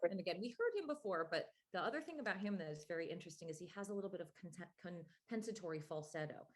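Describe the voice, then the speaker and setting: A woman's voice: lowish voice, lively intonation, fast talker. A woman laryngologist giving a medical grand rounds lecture, explaining things step by step with frequent fillers.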